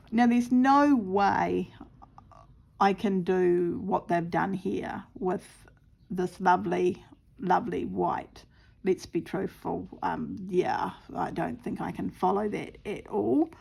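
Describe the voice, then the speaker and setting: Slow, gravelly woman chatting while crafting. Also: on the low side, fairly even intonation, a little mellow. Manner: chatty, talks to herself, laughs at her own mishaps. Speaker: craft vlogger. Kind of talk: casual talk-through while stitching.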